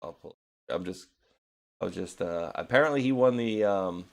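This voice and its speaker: A man's voice: sits low, moderate pace, gravelly, slight background noise. A young man with a New England accent hosting a casual chat, rambling and laughing with many restarts. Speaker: podcast host.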